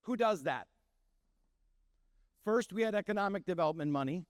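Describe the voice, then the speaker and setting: Animated storytelling man, dry close sound. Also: high-pitched, normal speed, long pauses, dry recording. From Milwaukee, Wisconsin. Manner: animated storytelling, acting out quoted voices. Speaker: chef and restaurant owner. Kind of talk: storytelling talk to an audience.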